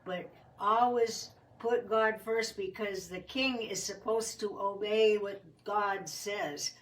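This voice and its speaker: A woman's voice: medium pitch, fairly even intonation, slow, distant mic, close to an everyday voice, rough recording. A woman voicing an old prophet speaking earnestly to a crowd in her own plain voice, set a little back from the mic.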